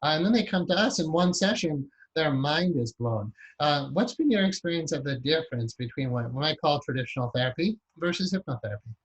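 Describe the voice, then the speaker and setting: A man interviewing a guest in a relaxed conversation. He talks at length, strings together long examples and keeps checking in with "right?". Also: on the high side, brisk, few pauses, breathy edge, lo-fi sound. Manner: talkative, builds long examples, frequent "right?". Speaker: interviewer and hypnotherapy teacher.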